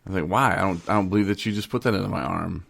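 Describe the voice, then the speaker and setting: A low-voiced man with a gravelly edge tells stories in a loose, joking way, acting out the people he met. He teases and laughs freely, and the sound is dry and close, without room echo. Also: very fast, a bit bright. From Michigan, USA. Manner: teasing, acts out little scenes, laughs often. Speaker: podcast co-host. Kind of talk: joking casual chat.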